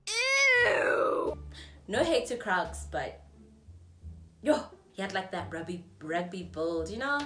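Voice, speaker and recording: A young South African woman tells a story to her vlog audience, chatty and animated, acting out each person's lines. Her pitch leaps up and down constantly. She sits at a distance from the mic in an echoey room, with faint music playing underneath. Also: a little slow. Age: 20s. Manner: animated, chatty, acts out dialogue in shifting voices. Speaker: vlogger.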